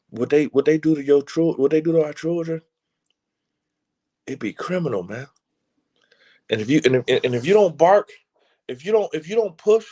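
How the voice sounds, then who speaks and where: A man's voice: fairly high pitch, darkish tone. A man giving a passionate, casual talk as a motivational speaker, emphatic and preacher-like, often stumbling and repeating words as he builds momentum. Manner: casual, slangy delivery.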